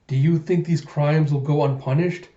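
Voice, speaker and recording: A man voicing a calm young man who speaks in a measured, lecturing way. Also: fairly high pitch, lightly acted. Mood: stern. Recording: echoey, dull lo-fi room.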